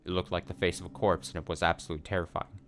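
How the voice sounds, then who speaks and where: A man reading a visual novel aloud for a let's play, with steady, earnest narration. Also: deep voice, very fast, a little hiss or hum.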